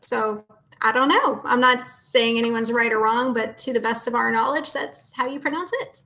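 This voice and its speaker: A woman's voice: on the high side, fairly even intonation, moderate pace, gravelly, bright, forceful tone, poor audio. Chatty woman co-hosting a live Q&A. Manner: chatty, reads out questions, corrects herself. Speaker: co-host answering viewer questions. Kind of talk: casual live chat. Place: home.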